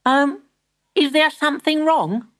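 A woman's voice: high-pitched, measured pace, fairly bright tone, pitched above the performer's own voice. A woman voicing an earnest, polite young boy. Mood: eager, earnest. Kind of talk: storybook voice acting.

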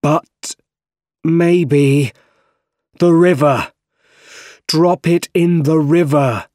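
A torn, grave middle-aged scientist , put on by a male storyteller, who drags out every word at a crawling, deliberate pace. The voice is mid-pitched with a slightly changed timbre, and the room is dry and close. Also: a little mellow, dry recording. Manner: very slow, heavy, deliberate delivery. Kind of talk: storybook character voice.

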